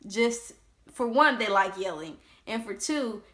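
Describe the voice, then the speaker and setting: Woman, 20s, casual storytelling vlogger; animated, chatty, filler-heavy. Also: medium pitch, a little slow.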